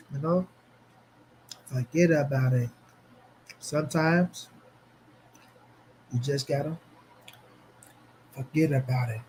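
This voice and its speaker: A man hosting a casual boxing livestream, speaking in an animated, slangy way as he answers his chat. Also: medium pitch, unhurried, long pauses, a little hiss or hum. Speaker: boxing commentary channel host.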